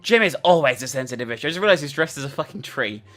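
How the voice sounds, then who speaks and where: Casual gamer, dry reader of game text, mid pitch, faint music behind. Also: animated, racing, fairly bright tone. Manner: laid-back, swears freely, reads narration with dry timing. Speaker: video game player. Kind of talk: casual gaming chat and reading game text aloud.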